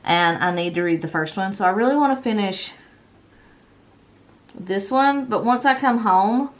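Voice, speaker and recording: A planner vlogger in her thirties talks at a moderate pace in a medium-pitched voice. She decorates her planner while chatting casually, rambling with lots of ums and self-corrections, slightly tired and yawning.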